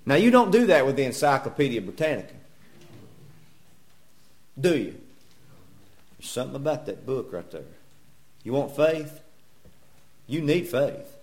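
Man preaching in church, folksy and joking, fond of rhetorical questions, mid-pitched voice. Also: very animated, unhurried, pauses often. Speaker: pastor. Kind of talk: sermon.

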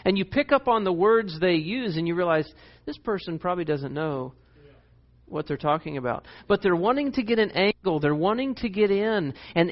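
Brief: male pastor, high voice, lively and emphatic in his preaching, lo-fi sound. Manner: animated, emphatic, reads scripture aloud. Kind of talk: sermon.

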